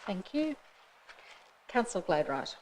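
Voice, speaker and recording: A woman, the mayor, chairing a formal council meeting into a desk microphone in a council chamber, with brisk procedural talk and light asides. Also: medium pitch, very animated, slight background noise, low-quality recording.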